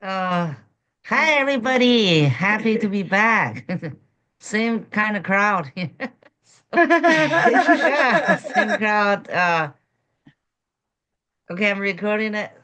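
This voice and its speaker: Slow, bright-voiced woman at open mic. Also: medium pitch, big pitch swings. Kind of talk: stand-up comedy set. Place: video call.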